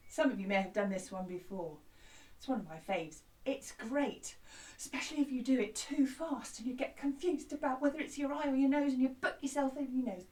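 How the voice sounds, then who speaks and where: A woman teaching a children's music lesson in a gentle, encouraging way, often breaking into song. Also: high voice, sing-song, brisk. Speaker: primary school music teacher. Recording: echoey room, distant mic.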